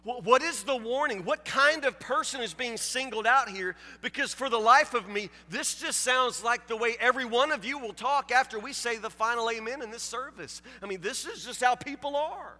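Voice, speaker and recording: A man's voice: extremely high pitch, moderate pace, few pauses, bright, forceful tone, in a large hall. A man preaching a sermon as pastor, asking rhetorical questions with frequent stammered repetitions and casual asides. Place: church sanctuary.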